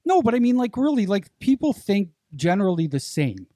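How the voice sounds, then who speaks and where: Male co-host with a high, swooping voice, blunt and profane, dry close mic. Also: a little fast, dry recording. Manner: animated, blunt, swearing. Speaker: podcast co-host. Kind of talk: casual chat.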